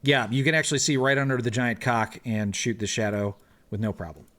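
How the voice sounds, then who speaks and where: A man's voice: mid-range voice, fairly quick, a bit bright. A man explaining rules and narrating the action as game master of a tabletop game, laughing easily.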